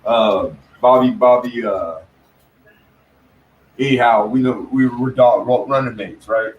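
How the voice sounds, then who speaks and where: A man's voice: mid-range voice, a little slow, dull audio. A man telling loose stories and jokes in casual chat, swearing freely and laughing often. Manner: profane storyteller, laughs often.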